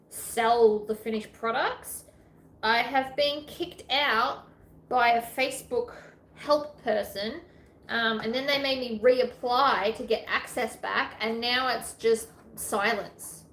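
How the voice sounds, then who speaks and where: Chatty Australian woman, bright higher voice. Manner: chatty, self-deprecating, rambling asides. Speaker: sewing vlogger. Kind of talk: casual sewing tutorial chat. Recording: echoey room with faint ambient noise.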